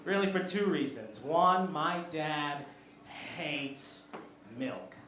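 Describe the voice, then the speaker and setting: A male stand-up comedian telling family stories in an animated way, laughing at his own jokes, on a comedy club stage. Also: fairly high pitch, extremely slow, a little hiss or hum. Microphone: handheld stage microphone. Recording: echoey club with loud crowd.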